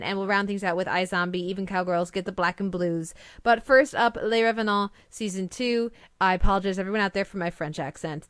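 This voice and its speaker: A young woman co-hosts a casual TV review podcast with an enthusiastic, rambling delivery full of fillers and restarts. Her voice is smooth and clear. The recording is dry and close. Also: medium pitch, a bit bright, no room sound.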